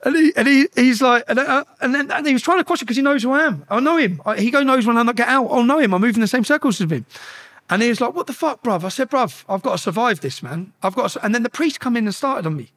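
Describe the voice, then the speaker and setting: A man telling a story as a podcast guest, animated and profane, acting out the shouted exchanges. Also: extremely high pitch, fast talker.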